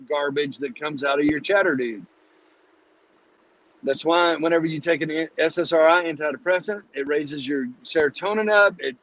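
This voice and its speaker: A man hosting a live-streamed Bible study, teaching in a casual, energetic, preachy way and calling listeners "dude". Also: fairly high pitch. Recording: dull lo-fi live stream audio.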